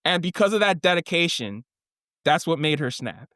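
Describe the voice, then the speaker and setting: Animated, profane man recapping a show. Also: fairly high pitch, normal speed, no room sound, studio quality. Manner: animated storytelling, profane, acts out quotes. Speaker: podcast co-host. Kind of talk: casual chat recapping a show.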